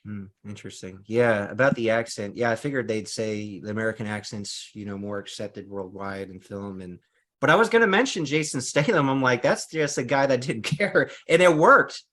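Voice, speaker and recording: A man's voice: fairly low pitch, brisk, fairly bright tone. A man hosting an interview, casual and chatty, laughing often and using a lot of fillers. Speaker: interview host. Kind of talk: interview conversation.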